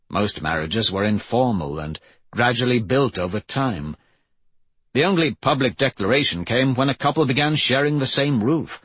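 A man narrating an audiobook in a measured, even reading voice, slightly husky. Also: on the low side, dry recording. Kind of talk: scripted narration.

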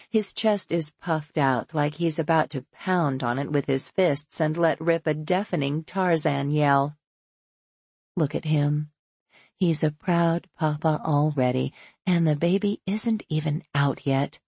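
Woman reading a novel aloud, pretty low voice, dry close sound. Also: darkish tone, slightly rough, no echo. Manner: shifts pitch and pace to voice characters. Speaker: audiobook narrator. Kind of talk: first-person novel narration with character voices.

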